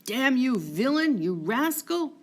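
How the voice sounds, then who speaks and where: A woman's voice: on the high side, sing-song, moderate pace, fairly bright tone, voice pushed up. A woman voicing a drunk, boastful young male lieutenant who insists he is sober. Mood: enraged.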